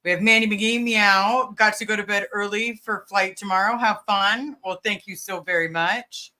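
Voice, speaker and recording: A woman's voice: medium pitch, steady tone, normal speed, sharp tone. A woman hosting a casual livestream, greeting viewers by name and talking with many fillers. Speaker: livestream host.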